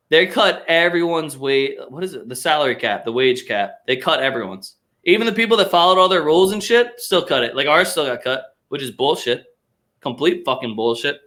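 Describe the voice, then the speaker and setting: A man with a fairly high, bright and forceful voice hosts a casual sports podcast. He rants in a profane, sarcastic way. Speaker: podcast host.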